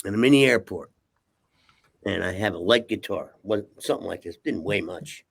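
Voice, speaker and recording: A man's voice: fairly low pitch, lively intonation, normal speed, creaky. An older man, a guest, telling rambling, profane stories in casual talk and punctuating them with "okay?". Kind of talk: casual storytelling.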